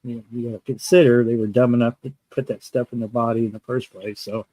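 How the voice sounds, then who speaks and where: A man's voice: mid-range voice, level tone, fast talker, dark tone, no echo, rough recording. A man hosting a live chat, telling stories with frequent chuckles. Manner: chuckling storyteller. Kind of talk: casual chat.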